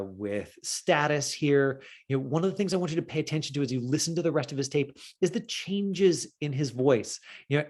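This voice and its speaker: Chatty middle-aged male acting teacher. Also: mid-range voice. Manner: chatty, full of fillers, breaks into quoted voices. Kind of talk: casual teaching commentary.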